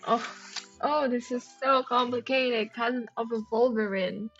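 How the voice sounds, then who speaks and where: A woman livestreams herself solving a crossword, reading clues aloud and thinking through answers with many hesitant ums. Her voice is fairly high and fairly bright, with fairly even intonation and an unhurried pace. Faint background music plays under a dull lo-fi recording.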